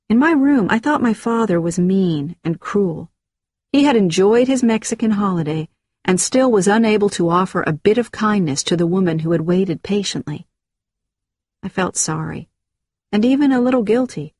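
A woman giving a measured, scripted narration of a first-person memoir. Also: lowish voice, animated, darkish tone, no echo, clean studio sound.

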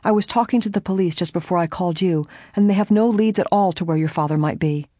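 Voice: mid-range voice, fast, warm tone, dry recording, studio quality, lightly acted. A reader voicing a blunt, indignant older woman housekeeper, in an audiobook.

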